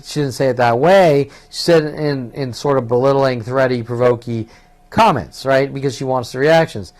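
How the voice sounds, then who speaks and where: A man's voice: medium pitch, moderate pace, a little mellow. A man talking alone in an agitated, rambling monologue, full of profanity and repetition. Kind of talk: rambling solo monologue to camera.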